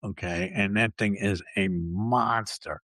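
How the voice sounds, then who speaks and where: A man's voice: lowish voice, steady tone, slow pace, fairly bright tone, no room sound. A man hosting a talk show alone, ranting in a blunt, profane and sarcastic way. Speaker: podcast host.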